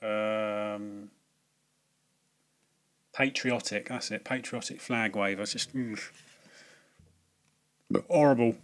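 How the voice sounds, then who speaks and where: A man's voice: on the low side, steady tone, slow pace, pauses often, sharp tone. Rambling man reviewing films. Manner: hesitant, many fillers and restarts, sweary. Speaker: film reviewer.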